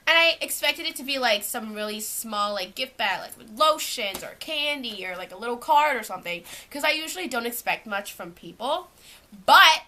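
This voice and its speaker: A young woman from Canada, chatting at home about what is in her bag. Her voice is bright and a little high, and she rambles with plenty of "like." The tone is a casual vlog. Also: expressive, moderate pace. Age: young adult. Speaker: vlogger. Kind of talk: casual show-and-tell vlog. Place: at home, indoors.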